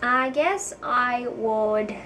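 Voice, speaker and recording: A woman's voice: a little high, very slow, bright, forceful tone, recorded from a distance, a little hiss or hum, poor audio. A young woman vlogger chatting casually to camera, giggly and self-deprecating, with frequent ums.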